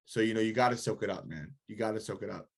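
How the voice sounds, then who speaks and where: A man's voice: lowish voice, fast talker, vocal fry, husky. A man of twenty-four hosting a casual podcast, laid-back and peppering his talk with bro and man. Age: 20s. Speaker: podcast host.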